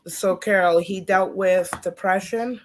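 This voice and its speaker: A woman's voice: mid-range voice, steady tone, measured pace, a little hiss or hum. A woman co-hosting a live stream of readings, reading out viewer comments in a plain way. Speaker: co-host.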